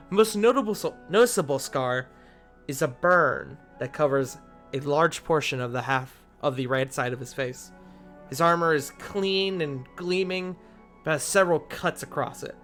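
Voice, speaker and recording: A man's voice: on the high side, fairly bright tone. A man narrating a tabletop role-playing game as game master, describing scenes with frequent restarts.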